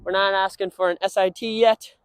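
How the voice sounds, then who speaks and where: A young man training a dog, explaining casually and breaking into high sing-song praise for it. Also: level tone, fairly quick, smooth, dry recording. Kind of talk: instructional walk-and-talk.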